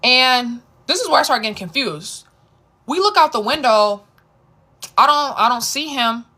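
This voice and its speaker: A woman telling a casual storytime, animated and quick to repeat herself as she retells what people said. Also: high-pitched.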